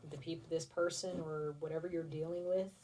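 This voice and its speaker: A woman with a notably low voice gives a casual, chatty tarot reading. She rambles, restarts and swears casually. Her voice sits a little distant from the mic. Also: little pitch movement, normal speed, warm tone, a little hiss or hum. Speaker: tarot reader.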